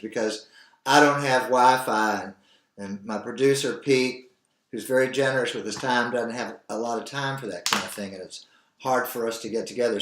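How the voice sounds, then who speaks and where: A man's voice: mid-range voice, a bit bright. An older man hosting his own show, talking in a rambling, earnest, opinionated monologue. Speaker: show host. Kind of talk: opinionated solo commentary. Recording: echoey room.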